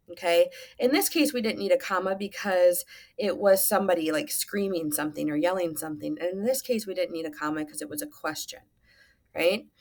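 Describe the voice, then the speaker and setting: A woman teacher giving a recorded lesson to students, patient and instructive, with frequent "um" fillers. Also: lowish voice.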